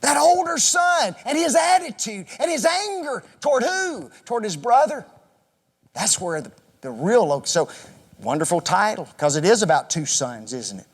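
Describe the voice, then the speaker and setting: A man's voice: high-pitched, big pitch swings, normal speed, breathy edge. A man teaching an interactive Bible class in a church classroom, quizzing the group with questions and joking with them. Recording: echoey hall reverb.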